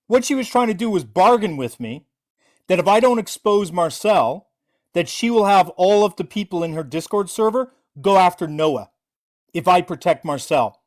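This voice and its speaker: A livestreamer narrating a callout to viewers, the pitch swinging up and down constantly. The voice sits in a middle register and turns mocking and theatrical. Informal talk to camera. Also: animated, normal speed.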